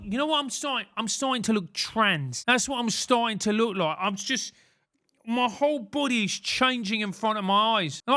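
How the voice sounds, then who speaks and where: A man's voice: very high voice, bright, forceful tone. A man with a British accent giving comedic advice as a podcast host, ranting and self-mocking. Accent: British English. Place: London.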